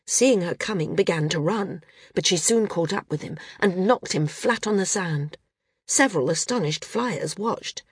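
A woman reading a novel aloud as an audiobook narrator, steady and measured. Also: lowish voice, slightly rough, no room sound, studio quality. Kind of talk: scripted narration.

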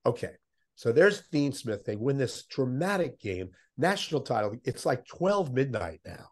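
An older man, a veteran sports interviewer, telling animated anecdotes as a podcast guest. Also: medium pitch, moderate pace. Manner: animated anecdotes, puts on voices of others. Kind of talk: conversational storytelling.

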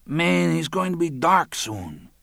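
A man's voice: fairly high pitch, sing-song, takes it slowly, vocal fry, fairly bright tone, dry recording, studio quality, pitched above the performer's own voice, heavily acted. A man voicing a nervous, whiny young man on the phone in an audiobook. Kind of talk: audiobook narration.

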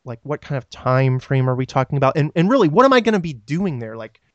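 Animated and quick, this podcast co-host's mid-range voice comes through a muffled recording with no room sound. He rambles through stories and listener questions, leaning heavily on fillers.

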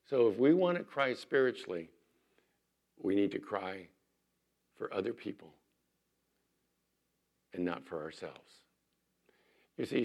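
Man preaching with big swings of loudness. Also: fairly low pitch, gravelly. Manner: animated preaching, voice swinging from loud emphasis to soft asides. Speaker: pastor. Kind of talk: sermon.

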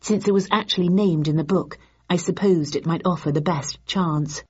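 A woman narrating a first-person audiobook in a dry, measured way, heard on a dull lo-fi recording. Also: fairly low pitch, a little mellow, breathy edge.

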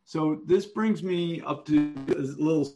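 A man giving one-on-one manuscript feedback over an online call, explaining deliberately and thinking aloud. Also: fairly high pitch, darkish tone, faint music behind. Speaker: writing coach.

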